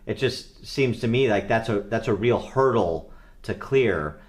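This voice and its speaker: A man's voice: on the low side, animated, measured pace. A man hosting a podcast, asking questions in a conversational way and searching for his words as he goes. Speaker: podcast host. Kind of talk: interview questioning.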